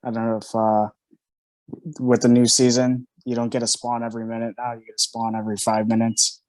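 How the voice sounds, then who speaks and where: Relaxed man guest, dry close sound. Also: medium pitch, brisk, no echo. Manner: relaxed, hesitant with fillers. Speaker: podcast guest. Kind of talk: casual chat.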